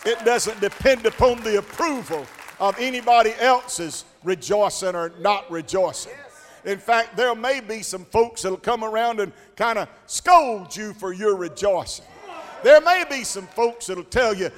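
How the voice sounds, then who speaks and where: A male preacher delivering a rhythmic call-and-response sermon that builds into shouts. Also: sits high, animated, a little slow. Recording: long church hall reverb with faint congregation.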